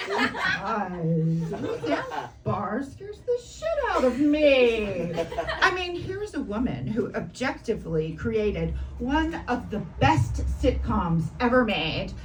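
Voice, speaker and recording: A woman performing a stand-up comedy set on a club stage, brash and animated, often laughing at her own jokes. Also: mid-range voice, slow pace, over a noisy crowd. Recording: distant mic with noisy room.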